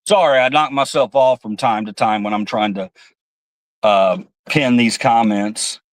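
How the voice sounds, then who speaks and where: An American man hosts a political livestream, ranting angrily with heavy swearing and reading chat comments aloud. His mid-range voice moves a little slowly, with no room sound and poor audio.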